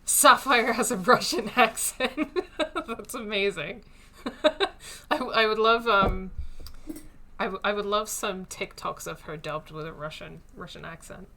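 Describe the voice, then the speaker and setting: Chatty woman streamer with a bright voice. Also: mid-range voice, measured pace, slight background noise. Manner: chatty, thinks aloud with many fillers. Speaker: streamer playing a story game. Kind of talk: casual let's-play commentary.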